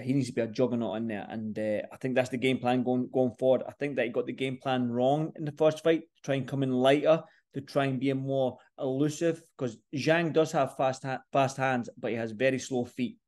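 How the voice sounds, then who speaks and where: A man's voice: mid-range voice, darkish tone. A man talking casually to camera as a boxing vlogger, chatty and repeating words and phrases for emphasis. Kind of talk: casual fight-preview talk to camera.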